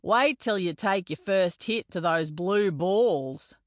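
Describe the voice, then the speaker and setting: A woman's voice: lowish voice, slow pace, dry recording, clean studio sound. A woman doing a joking country-boy footballer. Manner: grimacing, joking. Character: country boy male rugby player.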